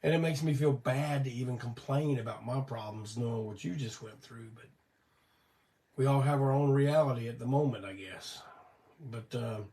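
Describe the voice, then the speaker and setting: A man's voice: mid-range voice, moderate pace, warm tone, recorded from a distance. An older man, his voice weak from illness, telling a rambling, folksy story as host of a live show. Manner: rambling, folksy, swears casually. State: weak voice from illness and cough syrup. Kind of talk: casual storytelling on a livestream.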